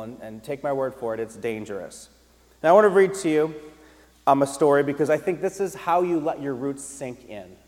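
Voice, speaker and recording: A man preaching a sermon as pastor, animated and emphatic, repeating key phrases and restarting sentences as he goes. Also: mid-range voice, long reverb tail. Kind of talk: sermon with storytelling.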